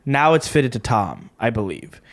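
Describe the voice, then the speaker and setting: Animated, exasperated man ranting about TV. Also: medium pitch, normal speed. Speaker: podcast co-host. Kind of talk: casual chat reviewing a TV episode.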